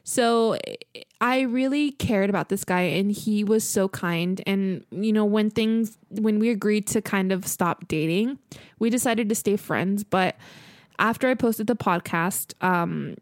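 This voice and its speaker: A young woman in her twenties recounting a dating story in a relaxed, chatty way, peppered with "like" and "you know." Her voice sits in an ordinary middle range and is recorded close and dry. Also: medium pitch, a little slow, dry recording. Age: 20s. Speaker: podcast co-host. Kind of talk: casual storytelling.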